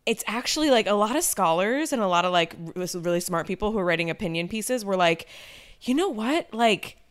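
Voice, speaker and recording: A chatty woman host with a smooth, resonant voice. She leads the conversation casually, with a lot of fillers and self-deprecating remarks. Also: mid-range voice, fast. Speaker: podcast host. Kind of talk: casual political chat.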